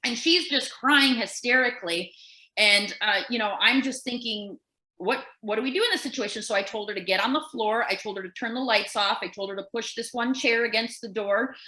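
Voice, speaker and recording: Bright, animated woman telling a story. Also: a little high, brisk, reverberant, rough recording. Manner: animated storyteller who acts out quoted voices. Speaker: nurse and podcast co-host. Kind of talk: casual storytelling.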